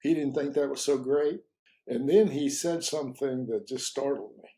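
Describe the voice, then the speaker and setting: A man telling a story in an interview, in a halting way with many repeats and fillers, and lively when he retells conversations. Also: mid-range voice, rough recording. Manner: animated when retelling dialogue. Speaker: interview guest.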